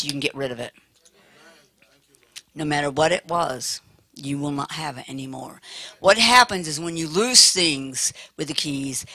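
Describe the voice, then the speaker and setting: A woman preacher giving a chatty sermon, dropping to a hush on prayers. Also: low voice, dry recording. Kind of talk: sermon with retold story. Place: church.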